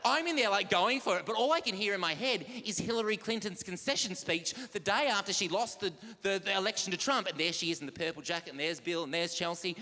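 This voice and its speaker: A man's voice: sits high, bright, forceful tone. A young man performing a stand-up set, telling stories in a camp, flamboyant way and breaking into shrieking quoted voices. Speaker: stand-up comedian. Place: large comedy theatre stage. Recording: live stage recording in a large reverberant hall.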